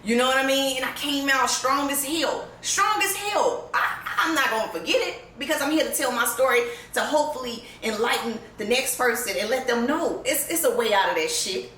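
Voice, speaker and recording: A woman with a high, bright voice tells her own story straight to camera, blunt and profane, laughing often. She sounds emotional, close to tears. She is picked up from a distance in an echoey room with faint noise behind her. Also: fairly quick, hardly any pauses. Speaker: vlogger. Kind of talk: candid personal storytelling. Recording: roomy echo, distant mic, faint background noise.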